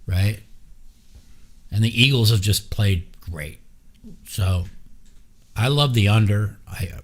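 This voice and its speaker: Gravelly, blunt-talking male podcast host. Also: lowish voice. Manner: blunt, profane, rambling opinions. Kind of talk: casual chat. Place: streaming with a live chat.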